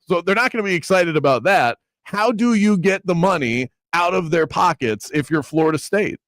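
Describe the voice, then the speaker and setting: A man's voice: high-pitched, normal speed, few pauses, no echo. A man hosting a sports talk radio show, arguing his points with lots of restarts. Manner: animated, argumentative, restarts.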